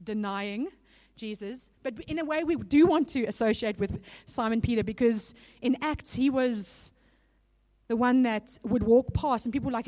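Speaking at a moderate pace in a slightly high voice, a woman preacher talks through her sermon conversationally. She seems a bit nervous, dropping warm little laughs between her points.

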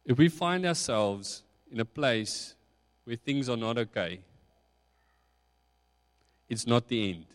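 Male pastor, mid voice, measured reflective sermon delivery, long reverb of a large hall. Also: medium pitch, expressive. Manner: slow, reflective preaching with rising emphasis.

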